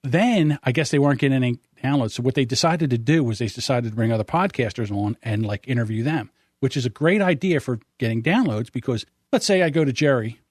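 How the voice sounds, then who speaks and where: Animated middle-aged male podcast host. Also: mid-range voice, fast talker, dry recording, studio quality. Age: 50s. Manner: animated storyteller, acts out others' lines. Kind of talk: casual podcast chat.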